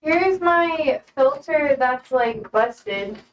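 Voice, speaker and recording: A young woman chats slowly and casually on a live stream, her high voice sitting a little back from the mic. She laughs easily and talks to her viewers like friends. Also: expressive, distant mic, lo-fi sound, a little hiss or hum. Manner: chatty, laughs often, coos at her dog. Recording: voice from away from the mic.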